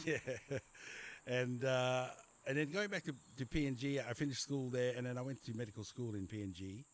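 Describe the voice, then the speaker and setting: A middle-aged man with an Australian accent speaks at normal speed in a mid-range voice. He's a general practitioner from Papua New Guinea being interviewed conversationally, recounting his life in a rambling way with repeated words and frequent fillers.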